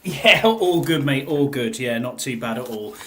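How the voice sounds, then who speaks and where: Male podcast host, mid-pitched, easygoing and rambling, casual sports chat. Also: expressive, moderate pace, sharp tone, slight background noise. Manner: rambling and laid-back, with fillers and repeated phrases.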